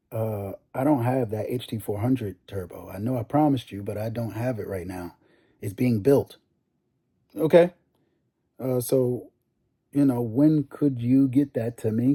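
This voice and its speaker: A young man tells a long car story in a casual, animated vlog rant. His voice is mellow and a little husky, and he acts out the back-and-forth of the conversations he quotes. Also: medium pitch. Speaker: car enthusiast vlogger.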